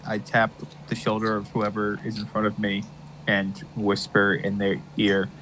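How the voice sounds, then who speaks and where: A man playing in a tabletop game, speaking in a dry, low-key way. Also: completely flat delivery, measured pace, a bit bright, slight background noise, low-quality recording. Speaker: player. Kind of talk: casual tabletop play.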